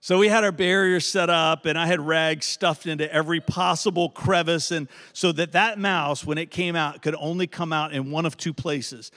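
A middle-aged male pastor telling a story in a sermon, animated and conversational, often asking his audience "right?". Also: fairly high pitch, normal speed, few pauses. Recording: long hall reverb.

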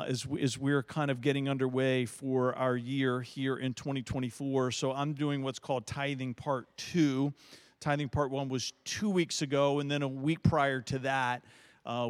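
A middle-aged man from Virginia with a Southern accent, preaching a folksy storytelling sermon as pastor, restarting and repeating words as he goes. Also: medium pitch. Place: church sanctuary. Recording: long reverb of a large church hall.

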